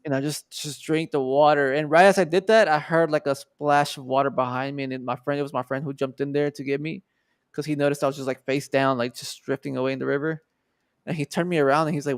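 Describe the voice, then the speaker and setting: He talks fast in a slightly high voice with fairly even intonation and a clean tone, captured on a dry, studio-quality recording. The man, a 20-something guest artist from Texas, USA, shares a personal story in a loose, casual style thick with fillers and profanity.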